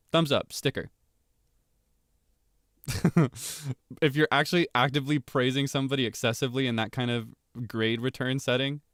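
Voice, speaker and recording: A man's voice: mid-range voice, no echo. Male streamer, casual chat, laughs a lot, rambles, dry close sound. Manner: animated, giggly, rambling asides.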